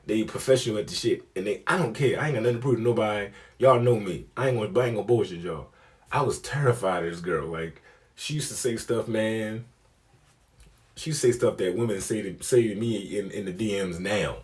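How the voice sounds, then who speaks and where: A young man telling a comic story, profane and animated, acting out the people he quotes. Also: lowish voice, a little fast. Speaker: comedian. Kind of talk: storytelling comedy.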